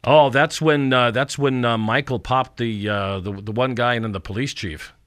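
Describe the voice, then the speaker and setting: A man's voice: medium pitch, fairly even intonation, normal speed, a bit bright, no echo, clean studio sound. A man from Fargo, North Dakota, hosting a radio interview with jovial, chuckling banter and trivia questions. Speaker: radio host.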